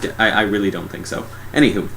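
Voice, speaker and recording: A man's voice: on the low side, steady tone, fast talker, creaky, fairly bright tone, a little hiss or hum. A sarcastic young man giving a casual, mocking movie review.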